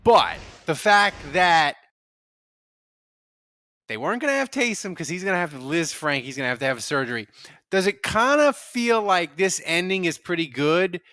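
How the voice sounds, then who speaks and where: This is a man hosting a sports chat show, his voice bright and a little high. He rambles through long questions and rides his own enthusiasm. The sound is dry and close. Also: big pitch swings, moderate pace, no room sound. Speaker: podcast host.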